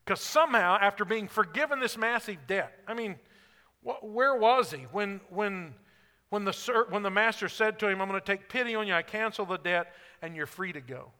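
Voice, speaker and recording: A man preaching a sermon as pastor, rising to emphatic peaks and dropping to quiet asides. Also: high voice, moderate pace, in a large hall.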